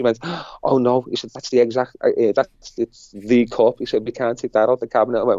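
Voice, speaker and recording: A middle-aged man with a Liverpool accent tells a story in a casual interview. His voice is mellow and dark, and he rambles and repeats himself. The recording is dry and a little dull and lo-fi. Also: mid-range voice, fairly even intonation, fast, no room sound. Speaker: interview guest. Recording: dull lo-fi sound.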